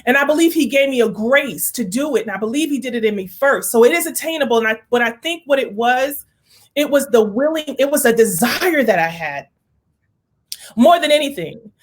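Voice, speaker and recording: A woman's voice: sits high, lively intonation, a little fast. A woman hosting a heartfelt conversation, speaking earnestly and with emotion, slipping into prayerful pleading. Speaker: host.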